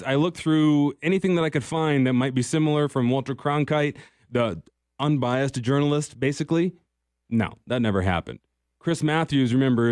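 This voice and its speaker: A man's voice: medium pitch, darkish tone, no room sound, clean studio sound. A man hosting a political talk radio show, speaking in a conversational, emphatic way with occasional restarts.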